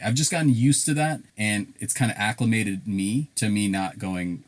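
A man co-hosting a podcast, telling stories in a lively, profane way. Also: on the low side, fairly quick, few pauses. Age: adult. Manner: animated, profane storytelling. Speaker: podcast co-host. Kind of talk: casual podcast chat.

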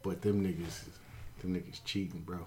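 Low-voiced slangy man ranting casually. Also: level tone, normal speed, mellow, a little hiss or hum. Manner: laid-back, slangy, emphatic. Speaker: podcast co-host. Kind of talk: casual chat.

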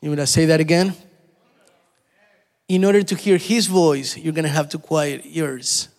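A man's voice: fairly high pitch, fairly even intonation, normal speed, darkish tone, big-room sound. A man preaching a sermon, repeating his points with emphasis and asking his listeners questions. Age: adult.

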